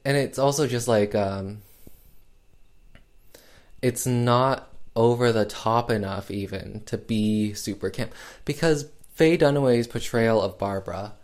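A man's voice: on the low side, takes it slowly, darkish tone. A man giving a casual, sarcastic film review, rambling with lots of fillers.

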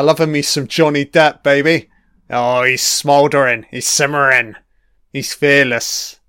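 A man's voice: mid-range voice, fairly bright tone, smooth, no room sound, studio quality. A man giving a profane, sarcastic ranting commentary while watching a TV episode.

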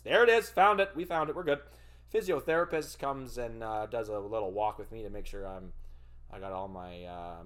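A man hosting a podcast, telling a personal story in casual, profane, rambling speech. He fumbles for words and breaks into loud, animated bursts. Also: fairly low pitch. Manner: animated retelling with loud outbursts. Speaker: podcast host.

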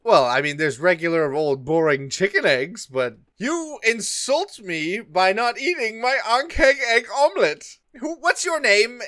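A man voicing a proud, touchy male inn chef who is quick to take offence. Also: medium pitch, pushed and bright, dry recording, clean studio sound. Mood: offended. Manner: indignant, pushy.

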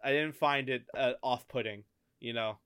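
An American man co-hosting a podcast in casual chat, rambling, thinking out loud and swearing often. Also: mid-range voice, normal speed, clean tone. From United States. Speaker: podcast co-host.

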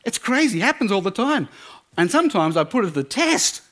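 A man voicing a lazy young boyfriend who is awestruck by household magic, swinging between hushed awe and giddy excitement. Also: mid-range voice, fast.

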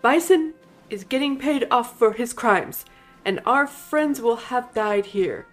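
A woman playing a male army colonel rallying his troops, speaking slowly and pausing between words. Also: a little high, animated, soft background music. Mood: rousing.

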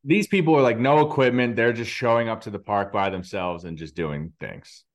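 Lower-voiced dad telling a story. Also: male voice, normal speed. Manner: storytelling, lots of likes. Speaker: podcast co-host. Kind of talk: casual chat.

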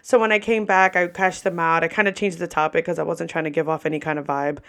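A woman's voice: fairly low pitch, fairly even intonation, fast, fairly bright tone. Chatty, candid woman telling work stories. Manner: candid, chatty, swears freely; acts out customer quotes in shifting voices. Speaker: podcast host and restaurant server. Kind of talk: casual storytelling.

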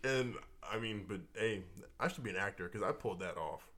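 A man's voice: lowish voice, brisk, a crowd in the background. A man in casual chat, telling laid-back anecdotes with some swearing.

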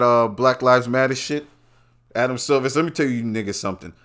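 A brash man from Brooklyn hosts a podcast in a loose, profane monologue. His voice sits in a middle pitch. He drops into low mutters and then jumps up into loud, emphatic outbursts. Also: fast. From Brooklyn, New York. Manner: brash, loud and rambling, swings between soft asides and shouts. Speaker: podcast host. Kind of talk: profane casual commentary monologue.

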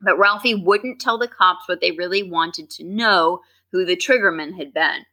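A woman's voice: fairly low pitch, normal speed, pushed and bright. A woman co-hosting a true crime podcast, reading narration with dry, wry asides. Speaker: podcast co-host.

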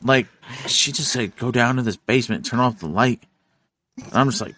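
A man co-hosting a podcast, telling a profane story in an animated, casual way. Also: on the low side, normal speed. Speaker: podcast co-host. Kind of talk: casual chat.

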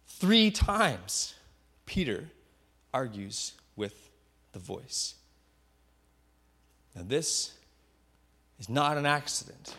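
A man preaching a sermon, retelling a Bible story vividly and often dropping to a hushed voice for effect. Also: medium pitch, big pitch swings, extremely slow, long pauses. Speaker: pastor.

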